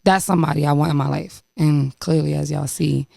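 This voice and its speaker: A young woman hosting a casual chat, animated and slangy, swearing freely. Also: low-pitched, brisk, gravelly, no room sound, clean studio sound. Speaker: podcast host.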